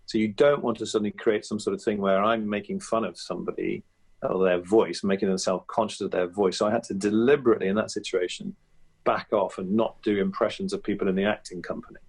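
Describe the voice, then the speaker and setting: A man's voice: lowish voice, steady tone, quick pace, slightly rough. A man guest on a podcast, chatting reflectively with frequent restarts and fillers. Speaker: guest impressionist. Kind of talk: casual podcast interview.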